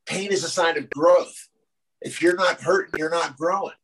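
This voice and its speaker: A man's voice: a little high, moderate pace, noisy background. A man in a casual podcast conversation, slangy and earnest, filling his talk with "like," "dude" and "bro.". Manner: slangy, filler-heavy, full of "dude" and "bro"; earnest, talks about recovery.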